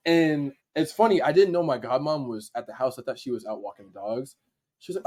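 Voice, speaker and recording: A man, a podcast guest, telling a story in casual slang and acting out his own excited reactions. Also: mid-range voice, fairly quick. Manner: animated, acts out his own reactions in quotes; casual slang, frequent "like" fillers. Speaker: podcast guest, dancer and video editor.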